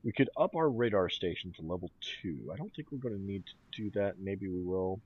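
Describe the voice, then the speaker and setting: A man's voice: low-pitched, animated, a little fast, breathy edge, phone-quality sound. A man hosting a gaming channel, thinking aloud in casual commentary as he plays a strategy game. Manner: thinking aloud, mumbling and musing. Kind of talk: let's play commentary.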